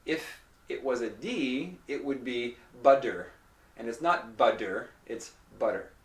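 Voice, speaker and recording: A man teaching pronunciation. He explains patiently and repeats example phrases slowly and carefully. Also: medium pitch, fairly bright tone. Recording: roomy echo, mic at a distance.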